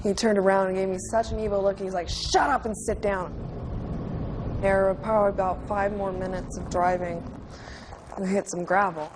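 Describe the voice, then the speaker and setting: A woman in her twenties recalling a childhood memory in an interview, in a halting, vivid way. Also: medium pitch, little pitch movement, noisy background. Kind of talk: emotional personal recollection. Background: music underscore.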